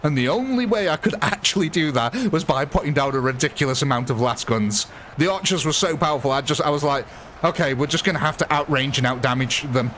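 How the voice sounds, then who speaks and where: Male streamer, talkative and loose, voice on the higher side, light hum behind. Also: animated, quick pace, a bit bright. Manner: chatty, rambling, laughs often. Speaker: live-stream gaming host. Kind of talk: casual live-stream chat.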